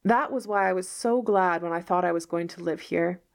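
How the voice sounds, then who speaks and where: A woman's voice: on the low side, moderate pace, close to an everyday voice. A woman reading aloud as a dramatic, imaginative orphan girl, with a theatrical, pleading manner. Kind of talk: read-aloud novel dialogue.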